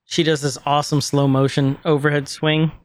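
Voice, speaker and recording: A man co-hosting a podcast, recapping a show in casual chat, animated and quick to laugh, acting out quotes. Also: on the high side, no room sound, studio quality. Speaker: podcast co-host.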